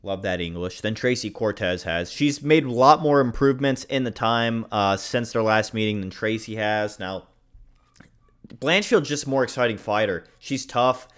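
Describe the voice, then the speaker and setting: Giving fight predictions in a casual commentary video, this host rambles, speaks bluntly, swears, and pokes fun at his own mistakes. He talks at normal speed with few pauses, in a fairly low, fairly bright, clean voice.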